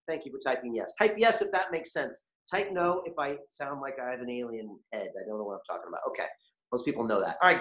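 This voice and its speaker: Guy hosting a motivation masterclass online, super animated, keeps quizzing the chat, kinda echoey room. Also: on the high side. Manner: animated, keeps asking the chat audience questions. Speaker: webinar host.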